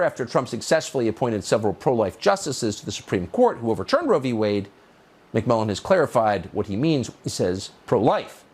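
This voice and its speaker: A male commentator delivering a scripted monologue in a sarcastic, mocking, emphatic manner. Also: medium pitch. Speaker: political commentator.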